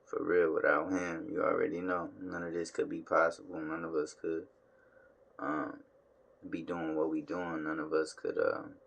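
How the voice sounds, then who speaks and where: A man's voice: low voice, level tone, moderate pace, gravelly, fairly bright tone. A tired man talking casually to his phone camera at home, in a laid-back, slangy way that drawls and trails off. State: tired, yawning. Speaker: vlogger. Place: home room.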